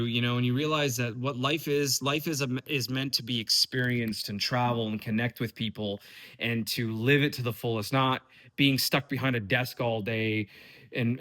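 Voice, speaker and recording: A man's voice: medium pitch, pushed and bright. Frustrated rambling man vlogging. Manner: casual, frustrated, rambling with restarts and swearing. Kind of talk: unscripted rambling vlog.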